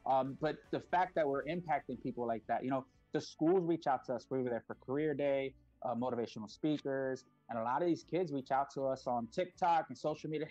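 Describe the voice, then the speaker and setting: A man's voice: mid-range voice, brisk, hardly any pauses, dry recording, muffled recording, faint music behind. A middle-aged man, a parent behind a kids' video channel, telling stories in a casual interview with lots of fillers and acted-out voices. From United States. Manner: animated storyteller, acts out voices, many fillers.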